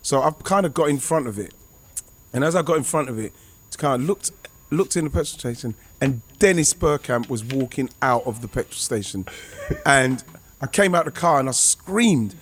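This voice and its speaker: A former footballer, telling a rambling, excitable anecdote over a remote call. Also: male voice, mid-range voice, normal speed, slight background noise. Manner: rambling, excitable, many restarts and fillers. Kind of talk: casual anecdote on a podcast.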